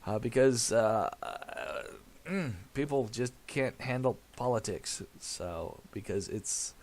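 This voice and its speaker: A man's voice: medium pitch, animated, takes it slowly, a little mellow. A man casually commentating his farming game, rambling with many fillers and laughs. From America. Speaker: gaming channel host.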